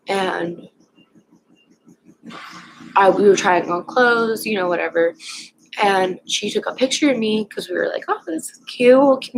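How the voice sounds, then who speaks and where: Young woman vlogging from home, kinda gravelly voice, rambles with lots of "like"s, a bit of faint noise behind. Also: medium pitch, a bit bright, poor audio. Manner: rambling, halting, filler-heavy. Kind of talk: casual personal storytelling.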